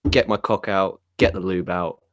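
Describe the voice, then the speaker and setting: A man co-hosting a late-night wrestling chat, excitable and crude, swearing freely. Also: low-pitched, moderate pace, no echo, studio quality. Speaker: podcast co-host. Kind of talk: casual chat.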